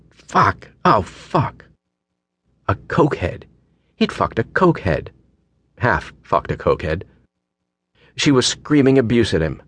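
Deep-voiced male audiobook narrator. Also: no room sound. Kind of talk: scripted narration. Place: recording booth. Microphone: close studio mic.

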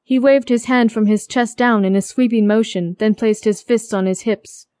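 A woman reading a contemporary romance audiobook aloud, her voice fairly high. The sound is close and completely dry, like a treated booth, and her storytelling is steady and even. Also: normal speed, no room sound. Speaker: audiobook narrator. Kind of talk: scripted narration.

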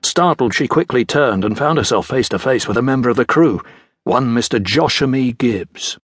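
A man narrating a children's adventure audiobook in a measured storytelling delivery. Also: mid-range voice, lively intonation, husky, no echo, clean studio sound. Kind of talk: scripted narration.

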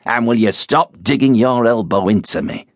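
A man voicing a bad-tempered middle-aged husband who mutters gruffly, in an audiobook. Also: lowish voice, normal speed, no echo, clean studio sound. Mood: irritated.

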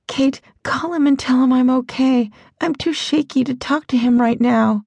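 A woman's voice: sits high, moderate pace, creaky, a little mellow, husky, dry recording, voice pushed up, full character voice. A woman voicing a frightened young woman lost in a blizzard, crying out desperately. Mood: shaky. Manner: desperate, pleading cries.

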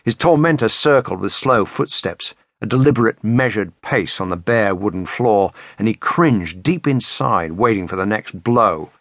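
A man narrating a thriller audiobook in a measured, expressive way. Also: fairly low pitch, dry recording, clean studio sound. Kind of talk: scripted narration.

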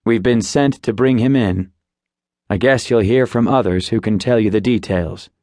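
A man voicing a calm, polite agent. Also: lowish voice, dry recording, studio quality, close to an everyday voice. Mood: firm. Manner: measured, firm, polite. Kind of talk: audiobook character voice.

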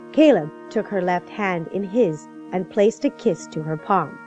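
A woman narrating an audiobook in a measured, expressive reading. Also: lowish voice, dull audio, faint music behind. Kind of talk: scripted narration.

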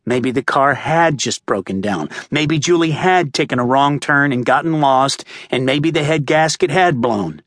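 A male audiobook narrator reading a thriller in a tense, measured way, close to the mic. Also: medium pitch, a bit bright, no room sound. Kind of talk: scripted narration. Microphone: close studio mic. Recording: dry close-miked studio.

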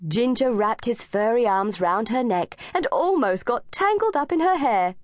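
A woman narrating a children's storybook with a lively, expressive reading on a close mic. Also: on the high side, normal speed, no echo. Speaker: audiobook narrator.

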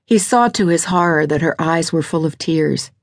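A woman reading a historical mystery audiobook in a steady, even narration at a close studio mic. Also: low-pitched, normal speed, dry recording. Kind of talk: scripted narration.

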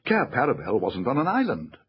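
A man's voice: mid-range voice, huge pitch swings, brisk, slightly rough, highs cut off, exaggerated voice. A man voicing a skeptical, blunt boy who raises objections, in an audiobook.

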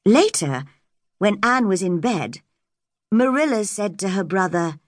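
A woman narrating a simplified storybook audiobook for English learners, clear and measured. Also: medium pitch, lively intonation, no room sound, clean studio sound. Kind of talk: graded-reader storybook narration.

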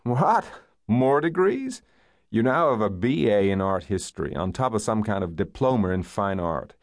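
A man doing a gravelly, teasing American man. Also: lively intonation, fairly quick, dry recording, studio quality. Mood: incredulous. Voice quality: low, gravelly. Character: man of 39, cynical, playful art dealer.

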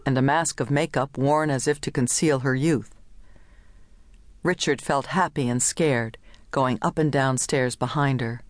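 A woman narrating a literary short story in a measured, even reading voice. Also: a bass voice, dry recording. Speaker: audiobook narrator.

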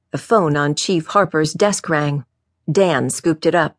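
A woman narrating an audiobook in a measured, even way. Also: low-pitched, no room sound, studio quality.

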